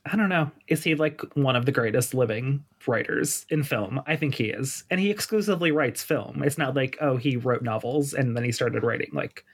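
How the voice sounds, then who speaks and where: A man's voice: medium pitch, normal speed, few pauses, breathy edge. A man from Pennsylvania, a guest on a film podcast, chatting with enthusiastic, self-deprecating giggles. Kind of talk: casual film chat.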